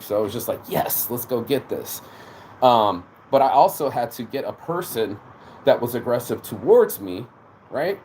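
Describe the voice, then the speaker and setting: A man's voice: medium pitch, darkish tone, slight background noise. A man hosting his own show, talking in a rambling, profane motivational monologue full of restarts and quoted asides. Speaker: podcast host.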